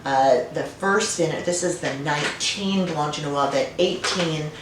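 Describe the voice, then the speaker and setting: A woman winemaker being interviewed, telling stories and remembering in a warm, conversational way. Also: low voice, a little slow. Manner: warm storytelling, reminiscent. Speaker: winemaker guest. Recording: roomy, distant, faint noise.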